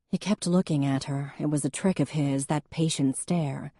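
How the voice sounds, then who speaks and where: This is scripted audiobook narration by a woman whose voice sits low, delivered in a steady, measured storytelling way. The studio audio is clean, without any room sound.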